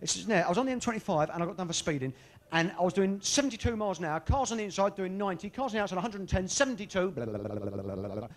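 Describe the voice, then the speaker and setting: A man's voice: high-pitched, racing. A man doing a cheeky, bawdy stand-up routine, bantering with a live audience. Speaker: stand-up comedian. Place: live comedy venue with audience.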